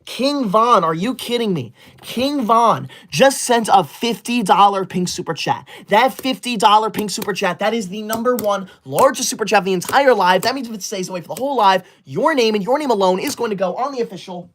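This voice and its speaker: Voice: mid-range voice, lively intonation, brisk, hardly any pauses, fairly bright tone, a little hiss or hum. A livestream host reading super chats aloud in a comedic bit, scolding viewers in a fussy, easily offended, school-loving persona.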